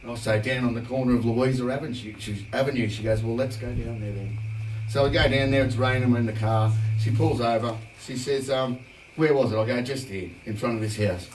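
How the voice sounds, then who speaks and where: A man's voice: mid-range voice, fairly even intonation, brisk, a little mellow, distant mic, slight background noise. Rambling Australian man telling stories. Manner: rambling, laughing anecdotes. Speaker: band singer hosting a livestream. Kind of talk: casual storytelling chat. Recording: roomy, from off the mic, guitar music.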